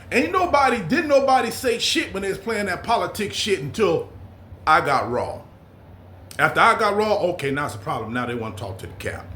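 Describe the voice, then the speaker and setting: An older man tells a rough, profanity-filled story in a loose, animated street style. His voice sits a touch high for a man. The recording is echoey, with a faint hum of room noise behind him. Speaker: vlog storyteller. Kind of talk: casual storytelling.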